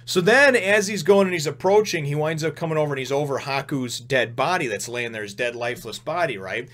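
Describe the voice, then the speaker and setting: The host of a manga review channel rambles excitedly through a casual chapter review, peppering his talk with "you know" and "right?" His voice is on the high side and fairly quick, occasionally rising further as he performs characters' lines.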